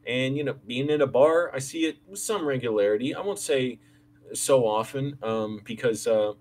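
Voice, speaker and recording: A young man vlogs to his viewers in a casual, candid live-stream chat, ranting about landlords and roommates and restarting his sentences as he rambles. He is the channel's creative director, and his voice is medium in pitch with a darkish tone, delivered at normal speed.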